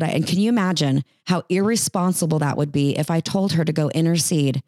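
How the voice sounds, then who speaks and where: A woman in her forties preaching a sermon, animated, acting out quoted voices. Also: low voice, brisk, few pauses, dry recording.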